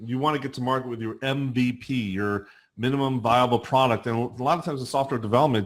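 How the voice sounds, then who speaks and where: Chatty New Jersey podcast host. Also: male voice, medium pitch. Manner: conversational, asks long questions with many fillers. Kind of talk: casual interview.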